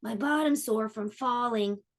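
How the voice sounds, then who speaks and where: A woman voicing an eager young boy frog learning to ride a bike, in a high squealing voice, reading a storybook aloud to children. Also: a little slow.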